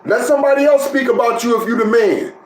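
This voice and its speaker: A man's voice: extremely high pitch, lively intonation, fast, darkish tone, reverberant, low-quality recording. A man giving scornful, profane reaction commentary.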